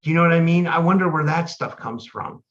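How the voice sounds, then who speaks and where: A man's voice: on the high side, fast, fairly bright tone, dull audio. A man hosting a podcast in casual conversation, rambling and restarting his sentences as he thinks aloud. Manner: rambling, many restarts and fillers. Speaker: podcast host.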